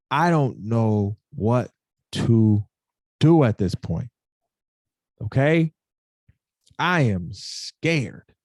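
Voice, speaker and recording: A man's voice: medium pitch, a little mellow, dry recording, clean studio sound. A man hosting a podcast, telling a personal story in casual, emotional speech, repeating himself and calling listeners y'all and bro. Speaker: podcast host.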